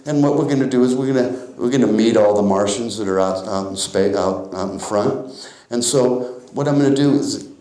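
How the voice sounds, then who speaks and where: Male stage hypnotist, slow guiding patter with laughs, echoey hall. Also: medium pitch, mellow. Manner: slow guiding suggestions, chuckling at volunteers. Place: theater stage before a live audience.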